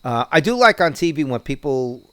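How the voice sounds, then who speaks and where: A man's voice: medium pitch, very animated, fairly quick, fairly bright tone, clear, resonant tone, dry recording. A man with a New Jersey accent, chatting casually as a podcast co-host, rambling and profane with many restarts. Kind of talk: casual chat.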